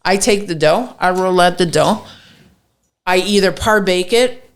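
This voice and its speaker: A woman's voice: fairly low pitch, unhurried. A woman chef telling a story as a podcast guest, swearing freely and acting out what people said. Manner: swears freely, acts out quoted dialogue. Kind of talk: animated storytelling in casual chat.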